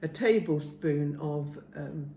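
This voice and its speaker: A woman in her seventies from England, chatting homely and unhurried as she demonstrates a simple recipe in her home kitchen. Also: low-pitched, dark tone, echoey room, slight background noise. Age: 70s. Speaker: home cook, channel host. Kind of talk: casual cooking demonstration.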